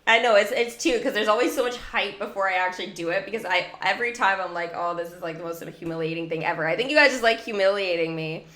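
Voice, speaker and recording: Chatty, giggly woman gamer streaming live, mid-pitched voice, roomy echo. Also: fast talker, few pauses, a bit bright. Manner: chatty, giggly, heavy use of "like". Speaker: mobile game livestreamer. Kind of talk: casual gameplay livestream chat.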